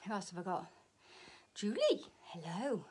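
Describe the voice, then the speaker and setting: A woman's voice: a little high, expressive, measured pace, a bit bright, far from the mic, slight background noise. A woman teaching a live online fitness class, chatty and encouraging, joking as she works out and slightly out of breath. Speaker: pilates instructor.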